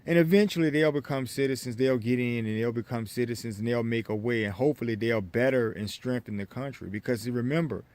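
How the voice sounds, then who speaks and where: An American man giving an opinion monologue to his viewers, lecturing them with many halting restarts. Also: medium pitch, darkish tone, dry recording. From United States. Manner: lecturing, repetitive restarts, addresses viewers as folks. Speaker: vlogger.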